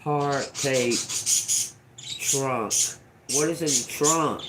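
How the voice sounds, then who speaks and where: During a casual livestream oracle reading, a man mutters profanely word by word, drawing out his words at a medium pitch, and breaks off to scold someone nearby. The audio is very noisy.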